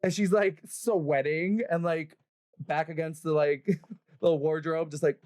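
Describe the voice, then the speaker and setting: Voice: mid-range voice, fairly even intonation, measured pace, a little mellow, no echo, studio quality. A game master narrating a livestreamed tabletop session in a loose, chatty way full of fillers. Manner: casual, filler-heavy narration with laughs and swearing. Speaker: dungeon master.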